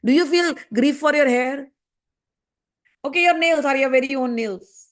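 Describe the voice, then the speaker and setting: Female teacher, high pitch, spoken commentary, repeats phrases and presses rhetorical questions. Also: normal speed. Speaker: scripture teacher. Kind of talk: spoken commentary on a spiritual text.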